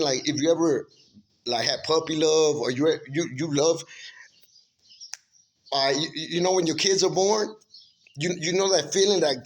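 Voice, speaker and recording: Man, slightly high voice, faint noise behind; earnest rambling testimony, lots of restarts. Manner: earnest, rambling, many restarts and "you know what I'm saying"; emphatic, informal storytelling. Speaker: speaker recounting a spiritual vision. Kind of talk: casual spoken testimony.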